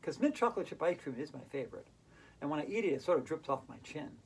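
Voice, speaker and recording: Enthusiastic woman instructor with a husky, breathy voice, silly and sing-song, for a kids' fitness class. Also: low voice, big pitch swings, quick pace, poor audio. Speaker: yoga and hula hoop instructor. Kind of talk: playful instructional talk for kids.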